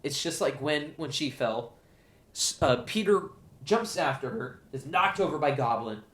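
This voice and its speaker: A man hosting his own show, giving an excited, gushing solo movie review. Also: a little high, unhurried. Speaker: show host, film reviewer.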